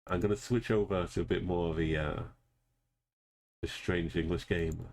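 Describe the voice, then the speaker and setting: Male streamer, low and gravelly, relaxed live-commentary delivery while playing. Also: normal speed, slight background noise. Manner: thinks aloud, greets chat viewers. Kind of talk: casual live gameplay commentary.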